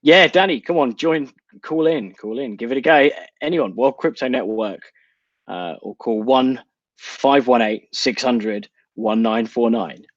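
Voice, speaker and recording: A man's voice: medium pitch, unhurried, no room sound, muffled recording. A man with a British accent co-hosting a live show, teasing and joking over a remote line. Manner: playful, teasing. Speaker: co-host. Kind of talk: casual live show chat.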